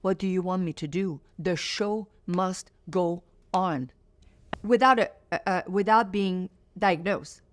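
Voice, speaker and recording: A singer in her fifties whose native language is French answers in a sit-down interview. Her voice sits on the low side and runs a little slow, and she's earnest and reflective, repeating phrases to underline them.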